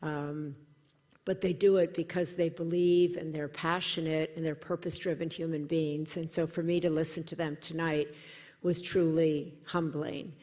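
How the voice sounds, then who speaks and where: A woman's voice: low voice, normal speed. Earnest American woman speaking in a hall. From United States. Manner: warm, earnest, animated when quoting others. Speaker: event speaker. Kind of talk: personal speech at a dinner event. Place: large hall at a dinner event. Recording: hall reverb in a large room.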